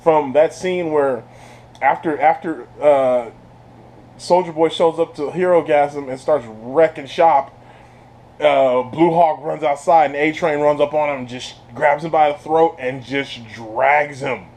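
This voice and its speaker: A man giving a casual spoiler review of a TV series. He laughs often, talks in slang and sounds animated. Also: a little high, a little slow. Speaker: TV show reviewer.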